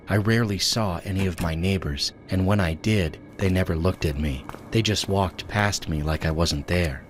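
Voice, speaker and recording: A man narrating a scripted horror story in a measured, steady way. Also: low voice. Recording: voice-over with music behind.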